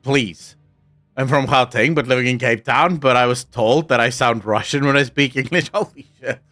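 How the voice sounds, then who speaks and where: A man's voice: mid-range voice, brisk, sharp tone. A South African man chatting casually on a live stream, rambling and swearing freely while he answers his chat. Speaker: game streamer.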